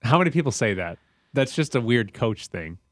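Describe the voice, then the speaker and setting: A man's voice: medium pitch, sing-song, moderate pace, a bit bright, no echo, studio quality. Teasing male sports radio host. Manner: wry, teasing, argumentative. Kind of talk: casual sports radio banter. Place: radio studio. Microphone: studio mic.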